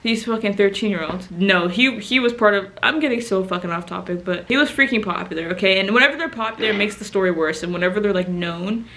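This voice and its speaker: A young woman vlogger tells embarrassing stories to camera, rambling fast with hardly any pauses in a medium-pitched, fairly bright voice. She swears often, laughs her way through, and sounds sleepy.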